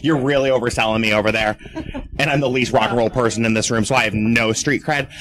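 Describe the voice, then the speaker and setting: A man doing a chatty stand-up set on a club stage, self-mocking and quick to jump into shrill voices for the people he quotes. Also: steady tone, fairly bright tone. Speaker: stand-up comedian.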